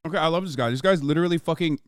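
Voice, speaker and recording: A man's voice: on the high side, racing, clear, resonant tone, no room sound, studio quality. A man streaming his reaction to a video in a sarcastic, profane, mocking way. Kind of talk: casual reaction commentary.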